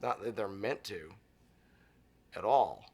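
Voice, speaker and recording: His voice is lowish, slow, gravelly and slightly rough. He's a middle-aged man from Arizona, a guest in an interview, chatting casually and animatedly acting out the dialogue of people in his stories.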